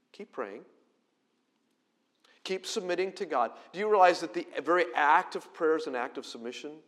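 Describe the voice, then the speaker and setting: A middle-aged man, a pastor, preaching a conversational sermon that swings between loud emphasis and quiet, close delivery. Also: on the high side, lively intonation, normal speed, pauses often.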